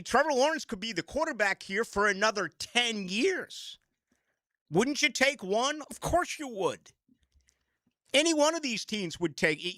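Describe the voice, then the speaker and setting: A man's voice: extremely high pitch, no room sound. A man hosting a sports radio show, ranting in casual talk. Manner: animated, ranting. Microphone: studio microphone.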